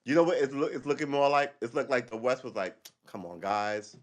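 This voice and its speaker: Male livestream host, mid-pitched, loose sarcastic rant with cursing, casual monologue. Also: fast. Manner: rambling, profane, sarcastic.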